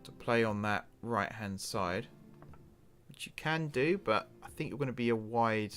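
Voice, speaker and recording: Fairly low in pitch and a little slow, this man hosts a gaming channel and gives casual commentary on a football management game. He gets excitable, addressing the in-game players directly and spurring them on as faint music plays behind him.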